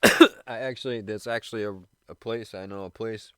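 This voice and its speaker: A man rambling casually on a live radio show, swearing constantly, laughing often and sounding high. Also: fairly even intonation, normal speed, smooth, no echo.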